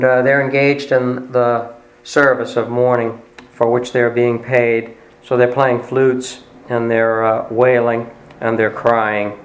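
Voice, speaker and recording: A man delivering a sermon, retelling a story in a conversational way with pauses and fillers. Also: mid-range voice. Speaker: preacher. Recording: roomy echo.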